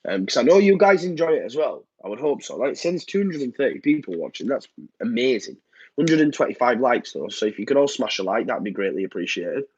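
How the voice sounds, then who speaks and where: Casual live-stream host, thirties, husky and nasal from a cold, dull lo-fi mic. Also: male voice, medium pitch, sing-song, fairly quick, darkish tone, no room sound. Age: 30s. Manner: rambling, frequent ums and repeats. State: blocked nose, downbeat. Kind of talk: casual live-stream chat reading comments. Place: home room.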